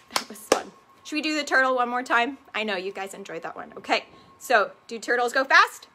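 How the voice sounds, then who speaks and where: A woman's voice: a little high, animated, fairly quick, bright, forceful tone. A woman children's librarian leading preschool story time, reading aloud animatedly and asking the kids questions. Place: model railroad museum.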